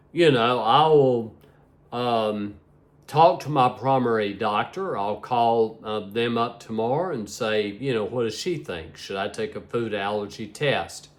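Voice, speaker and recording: A middle-aged man rambling to his viewers in a casual vlog, sleepy and yawning, often repeating himself. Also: medium pitch. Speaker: vlogger.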